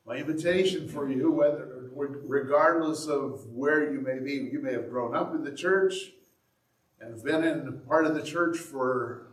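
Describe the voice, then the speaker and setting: A man delivers a sermon as a pastor, earnest and direct, with an occasional dry sarcastic aside. His mid-pitched voice sits a bit back from the microphone. The room around him is echoey. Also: measured pace, far from the mic.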